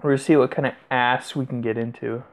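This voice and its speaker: Speaking quickly in a steady, medium-pitched voice, this young man commentates a mobile game in a casual let's-play. He curses a lot, giggles, and sounds incredulous at what he sees.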